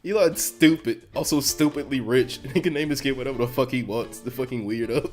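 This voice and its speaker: A man's voice: medium pitch, a little fast, darkish tone, faint music behind. A young man co-hosting a casual podcast, swearing freely and laughing through his lines. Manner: laughs constantly, profane. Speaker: podcast co-host. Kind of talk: casual crude banter.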